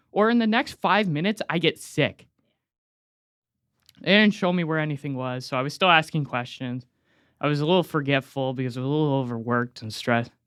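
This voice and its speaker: A teenage boy telling a casual personal story, acting out the dialogue with quick voice changes. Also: a little high, no echo, clean studio sound. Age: teens. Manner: animated, acts out dialogue with quick voice shifts. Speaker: student storyteller.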